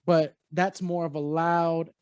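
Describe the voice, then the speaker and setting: A man co-hosting a podcast, telling stories in an animated, casual way with swearing and easy laughter. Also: fairly high pitch, takes it slowly, clean tone, no echo, muffled recording. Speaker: podcast co-host. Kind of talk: casual chat.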